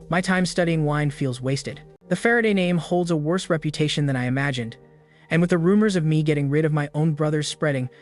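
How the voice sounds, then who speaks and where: A man narrating a fantasy story in first person, in a steady scripted recap style. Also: a little high. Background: background music.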